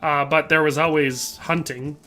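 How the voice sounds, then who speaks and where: Man, game streamer, casual commentary, bright forceful voice, slightly high pitch, reads chat aloud, joking. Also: steady tone, normal speed, faint music behind. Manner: chatty, reads viewer comments aloud and answers them; playful, joking asides. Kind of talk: casual livestream commentary while playing.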